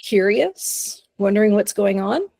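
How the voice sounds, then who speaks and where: A woman's voice: mid-range voice, expressive, measured pace, vocal fry, dark tone, no room sound. A woman giving an informal webinar presentation on dog behavior in a chatty, easygoing way, with frequent fillers and light laughs.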